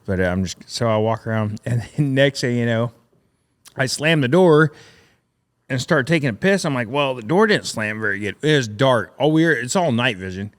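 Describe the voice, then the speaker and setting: A man's voice: medium pitch, animated, moderate pace. Rambling, profane storyteller man. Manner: profane, rambling war stories with frequent laughs. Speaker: podcast guest, welder and military veteran. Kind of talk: casual storytelling.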